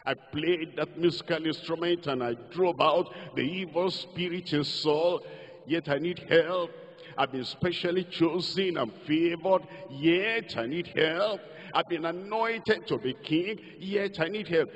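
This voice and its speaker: A man's voice: on the high side, unhurried, slightly rough. An older man with a Nigerian accent preaching a sermon, leading the congregation in call-and-response and sing-song declarations. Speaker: pastor. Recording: lo-fi hall recording.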